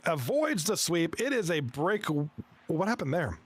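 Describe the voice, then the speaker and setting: A man giving live commentary on a video game hockey league, reacting excitably to plays and chatting with his viewers. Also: on the high side, breathy edge, no room sound. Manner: excitable, quick reactions to plays, chuckles often; chats with viewers between plays.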